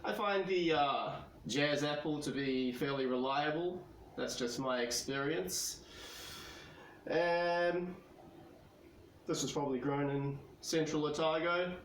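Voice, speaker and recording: A man's voice: a little high, slow. New man rambling casually, roomy, noisy. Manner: easygoing, rambling, hesitant with many fillers. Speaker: vlogger. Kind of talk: casual vlog talk. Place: home kitchen, then outside by the back door. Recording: roomy sound with loud traffic noise.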